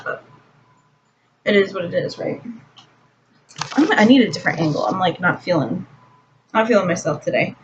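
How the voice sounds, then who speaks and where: A young woman makeup vlogger with a medium-pitched, slightly bright voice chats through a tutorial at home. She rants irritably with casual swearing and lots of fillers, captured in a distant, dull lo-fi recording with faint hiss.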